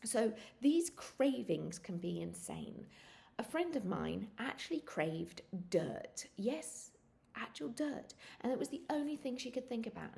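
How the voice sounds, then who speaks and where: Gravelly-voiced woman telling animated stories. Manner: animated, laughs and acts out quotes with sudden high squeals. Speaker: vlogger sharing pregnancy experiences. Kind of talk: casual storytelling.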